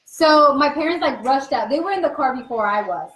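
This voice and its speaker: A young woman telling a story in casual chat, animated and laughing as she acts out what people said. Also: high voice, a little fast. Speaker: co-host. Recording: echoey room.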